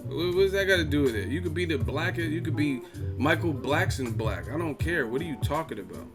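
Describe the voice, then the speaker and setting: A man's voice: on the high side, expressive, a little fast. Cast a male boxing stream host, heated and profane, faint music behind. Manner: profane, heated, laughing mid-sentence. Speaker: host of a boxing live chat. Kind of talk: live stream rant.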